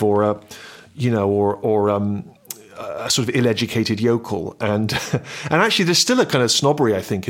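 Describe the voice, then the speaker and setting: Middle-aged male guest, Bristol West Country accent, mid pitch, halting and self-correcting delivery. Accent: Bristol West Country English. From Bristol, West Country, England. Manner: hesitant, many restarts and filler words. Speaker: interview guest, actor and writer. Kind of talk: radio interview.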